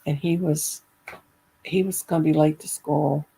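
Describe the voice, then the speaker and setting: A middle-aged woman with a gravelly, husky, low-set voice spins a tale in easy conversation. She talks in an animated way and laughs through her own story. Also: a little slow, poor audio. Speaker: caller. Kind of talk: casual storytelling.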